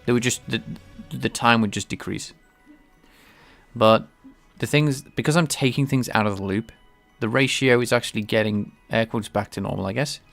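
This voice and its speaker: A man livestreaming game development, thinking aloud in a halting way with many restarts. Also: mid-range voice, creaky, a bit bright, faint music behind. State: sneezing, a bit stuffy. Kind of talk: casual livestream coding talk.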